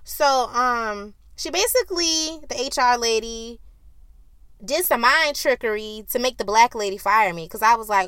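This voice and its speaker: A woman hosting a solo podcast, telling a story in a heated, profane way and acting out arguments loudly. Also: fairly high pitch, animated, a little slow, clear, resonant tone, dry recording. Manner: acts out quoted arguments loudly. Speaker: podcast host.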